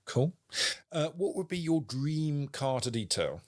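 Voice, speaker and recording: A man's voice: on the high side, big pitch swings, measured pace, a little mellow. A man hosting a podcast, asking questions in a chatty, rambling way with plenty of ums. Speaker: podcast host. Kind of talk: casual podcast interview.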